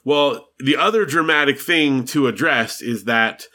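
A man's voice: mid-range voice, unhurried, bright, forceful tone. A man hosting a podcast in casual chat, talkative and laughing easily. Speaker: podcast host.

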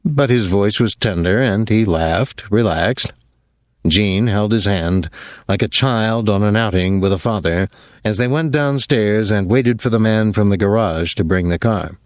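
A man narrating an audiobook in a measured, even way. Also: on the low side, dry recording, studio quality.

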